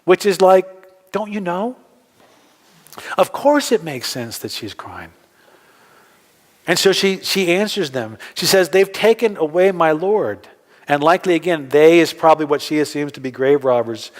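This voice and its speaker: Expressive and on the high side, a pastor's voice moves at a moderate pace through a sermon in a church hall with long, echoing reverb. His style is conversational, and he asks the congregation questions.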